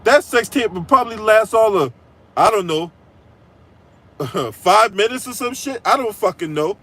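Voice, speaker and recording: High, bright-voiced man ranting crudely. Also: lively intonation, a little slow, poor audio. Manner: mocking, crude trash talk, frequent "right?". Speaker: political commentary channel host. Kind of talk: profane ranting commentary.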